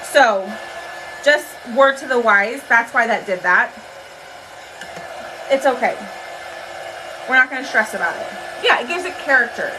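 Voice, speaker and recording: A woman's voice: a little high, expressive, measured pace, long pauses, noisy background. A young woman hosting a chatty live craft stream, talking viewers through her work and thanking commenters as she goes. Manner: bubbly, talks to viewers while working, thanks commenters.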